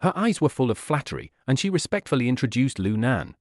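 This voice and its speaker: A man reading a web novel aloud as a narrator, at an even, steady pace with little change between characters. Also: medium pitch, quick pace, no room sound, studio quality.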